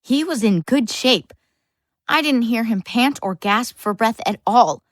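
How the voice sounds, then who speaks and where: A woman's voice: fairly high pitch, expressive, a little slow, dry recording, clean studio sound. A woman narrating a full-cast audiobook as a lonely, bookish boy, earnest with wry asides. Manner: earnest first-person storytelling, wry asides.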